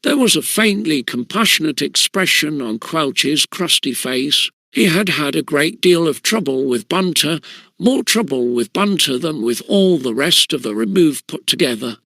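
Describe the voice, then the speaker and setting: A man narrating an audiobook in a measured storytelling manner. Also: a little high, gravelly, bright, forceful tone, dry recording. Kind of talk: scripted narration.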